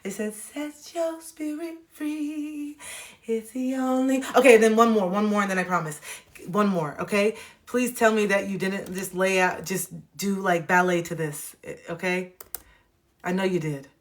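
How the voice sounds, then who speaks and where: A woman's voice: medium pitch, fairly even intonation, normal speed, reverberant. Blunt, preachy woman on a livestream. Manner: blunt, preachy, slangy, with laughs. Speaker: livestream host giving spiritual advice. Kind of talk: casual livestream talk. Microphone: phone.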